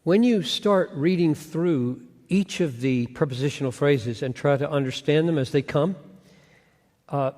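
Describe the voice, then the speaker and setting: A man's voice: fairly high pitch, a little slow, a little mellow. A man giving an earnest Bible teaching lecture, asking rhetorical questions and restarting phrases as he thinks aloud. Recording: long hall reverb.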